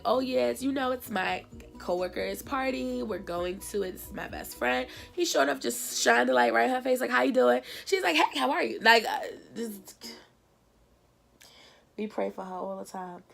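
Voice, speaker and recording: A woman's voice: a little high, creaky. A young woman from New Jersey telling a casual storytime to her viewers, acting out the other people in her own voice. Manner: animated, acts out dialogue in voices. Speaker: vlogger.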